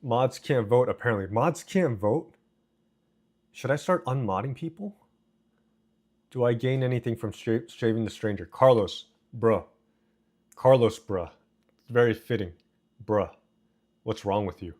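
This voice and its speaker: A male streamer talks casually to his live chat at an ordinary middle pitch. He jokes and teases his viewers as he reads their messages aloud. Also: moderate pace, long pauses, a little mellow. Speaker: livestreamer.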